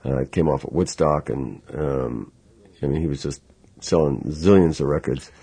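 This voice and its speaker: A man, a musician guest, telling a lively anecdote in an interview and acting out the quotes. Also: extremely low pitch, normal speed, husky. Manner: animated storyteller acting out quotes, laughing.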